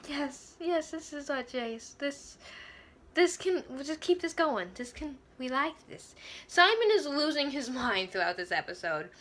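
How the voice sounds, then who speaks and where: Excitable woman vlogger reviewing an episode: high, bright voice, gushing and laughing through her sentences. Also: measured pace, a little hiss or hum. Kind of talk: casual fan review vlog.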